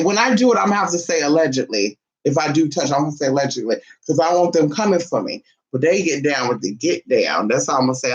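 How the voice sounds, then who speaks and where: Lively gossiping man chatting to viewers. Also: on the high side, low-quality recording. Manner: chatty, gossipy, addresses viewers as y'all and honey; swings from soft asides to loud exclamations. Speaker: vlogger. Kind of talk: casual chat to viewers.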